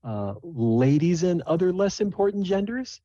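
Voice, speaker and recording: A man's voice: high-pitched, expressive, a little slow, warm tone, no room sound, muffled recording, voice pushed up. A man voicing a woman stage host who introduces acts in a hesitant, filler-heavy way. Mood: announcing.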